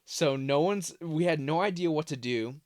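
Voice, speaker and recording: A man's voice: on the high side, moderate pace, a little mellow, no echo, clean studio sound. A young man in his twenties telling a childhood story in a loose, casual vlog style from his parents' basement, full of "like" fillers. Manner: loose, filler-heavy, lots of "like". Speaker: vlogger.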